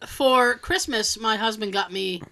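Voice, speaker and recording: A woman from Massachusetts co-hosting a casual chat show, telling stories in an animated way and acting out the people in them. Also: medium pitch, a little slow. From Massachusetts, USA. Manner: animated storytelling, acts out quoted people. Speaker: podcast co-host.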